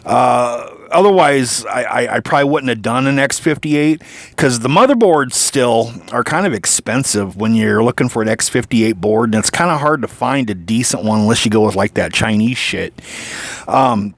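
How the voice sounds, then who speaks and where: Recorded with no room sound, a man with a medium-pitched voice at normal speed casually tours a PC he built while hiccuping. He rambles, uses plenty of fillers, restarts his sentences often, and lets out mild swears from time to time.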